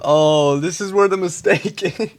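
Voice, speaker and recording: A man's voice: high voice, a little slow. A man giving blunt, exasperated reaction commentary, mocking a debate and swearing at it.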